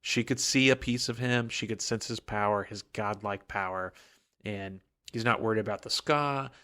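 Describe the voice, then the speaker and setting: A man's voice: on the low side, normal speed, sharp tone, clear, resonant tone. A man co-hosting a podcast, recapping a book in a rambling, casual way with many fillers. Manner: rambling, lots of "like" and "um". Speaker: podcast co-host.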